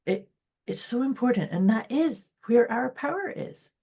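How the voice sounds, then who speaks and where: A woman's voice: fairly high pitch, lively intonation, normal speed, warm tone, husky. A woman co-hosting a motivational podcast, speaking in an encouraging, affirming way. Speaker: podcast co-host. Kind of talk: casual motivational chat.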